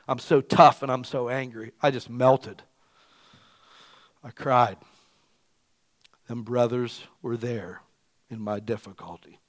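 A man preaching a sermon in a casual, emphatic way, often saying "man". He swings between loud bursts and quiet, low asides.

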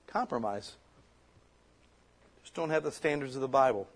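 A middle-aged pastor preaching a sermon in an impassioned, conversational way, full of rhetorical questions. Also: male voice, medium pitch, expressive, normal speed, pauses often.

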